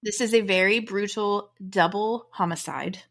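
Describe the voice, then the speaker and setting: A woman's voice: medium pitch, moderate pace, a bit bright. An American woman co-hosting a casual true-crime podcast, chatty and upbeat as she tells the story. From United States. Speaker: podcast co-host.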